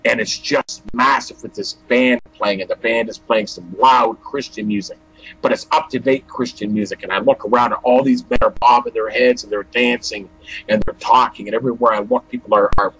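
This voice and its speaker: Husky man telling his testimony. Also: mid-range voice, steady tone, fairly quick, fairly bright tone, low-quality recording. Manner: acts out dialogue with "I go, he goes". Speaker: guest giving testimony. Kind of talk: storytelling testimony.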